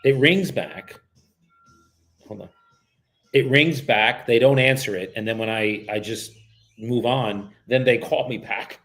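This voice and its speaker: Real estate agent from the US, cold-calling on a livestream; loose, joking, swears freely. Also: male voice, mid-range voice, measured pace, long pauses, fairly bright tone, soft background music. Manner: casual, profane and joking, with frequent laughs.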